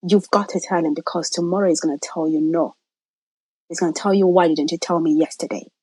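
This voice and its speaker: Woman, story guest, low husky voice, dry close sound. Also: brisk, dry recording, poor audio. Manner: animated retelling, acting out quoted voices, drops to near-whispers. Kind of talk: personal storytelling.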